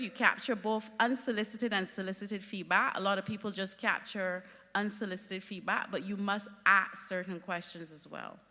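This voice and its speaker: A woman giving a conference talk, telling lively stories with emphatic punch. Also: medium pitch, long reverb tail. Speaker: conference speaker.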